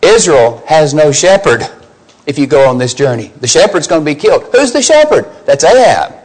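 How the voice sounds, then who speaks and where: A man's voice: fairly high pitch, sing-song, moderate pace, darkish tone, slightly rough, rough recording. A man preaching a sermon, emphatic, putting questions to his listeners and rising on key scripture lines.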